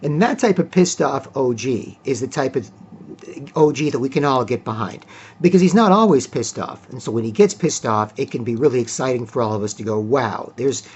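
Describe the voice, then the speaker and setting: A man's voice: mid-range voice, animated, a little fast, darkish tone. Rambling man talking basketball. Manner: rambling, frequent fillers and throat clearing. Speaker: sports commentator. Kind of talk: casual solo sports talk.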